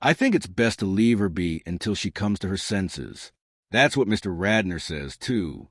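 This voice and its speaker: A worried middle-aged wife pleads her case, read by a man. The voice sits low but swings widely in pitch. She sounds earnest, close and dry. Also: very animated, normal speed, dry recording, exaggerated voice. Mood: anxious. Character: frightened middle-aged wife, anxious, indignant. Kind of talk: audiobook reading.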